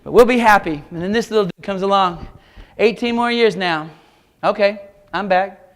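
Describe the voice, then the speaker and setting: Wry, high-voiced man giving a keynote. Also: normal speed, fairly bright tone. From Kansas. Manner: wry, self-mocking storytelling with punchy short lines. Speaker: keynote speaker, art teacher. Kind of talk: humorous keynote speech.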